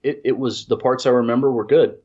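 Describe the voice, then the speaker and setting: A man's voice: medium pitch, fairly even intonation, a little fast, dark tone. A congested man telling a rambling, self-deprecating story in casual chat, full of restarts. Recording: dull lo-fi audio.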